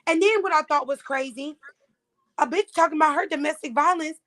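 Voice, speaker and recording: A young woman from Florida talking in a blunt, animated way, full of slang and profanity. Her voice sits a little high for a woman. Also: brisk. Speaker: audition contestant. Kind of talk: casual chat.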